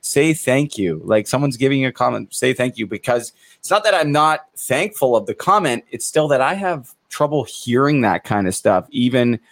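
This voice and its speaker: A man's voice: medium pitch, expressive, normal speed, hardly any pauses, a bit bright, no echo. A man hosting a podcast in easy, rambling conversation, his voice sitting in an ordinary middle range. The sound is close and dry, with no room around it. He leans on fillers and restarts as he talks. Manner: loose and chatty, many fillers and restarts. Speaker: podcast host. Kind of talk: casual interview chat.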